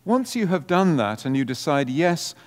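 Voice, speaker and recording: A man, a parish priest, giving an informal workshop presentation in a conversational way, with relaxed asides. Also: on the high side, normal speed, in a large hall.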